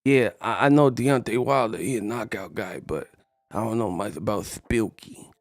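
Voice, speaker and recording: A man doing an impression of a soft-spoken older male boxing legend, halting and hesitant. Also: on the low side, no room sound, studio quality, pitched below the performer's own voice, natural voice. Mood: unsure.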